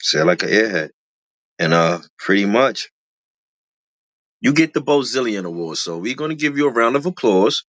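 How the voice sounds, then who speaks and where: A reality show commentator in casual commentary, slangy and animated, repeating lines for emphasis, with a voice that jumps high when excited. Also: normal speed, dry recording.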